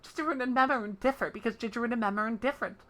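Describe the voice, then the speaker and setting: A woman's voice: on the high side, rapid-fire, a bit bright, voice pushed up, natural voice. A woman voicing a small, anxious merchant who speaks broken English and refers to himself in the third person. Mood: earnest.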